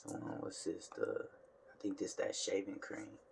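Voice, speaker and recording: Man low gravelly laid-back vlogger. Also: very animated, a little slow, a little hiss or hum. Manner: laid-back slangy talk, drawls and trails off. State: tired, yawning. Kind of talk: casual chat to camera. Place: home room. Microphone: phone camera.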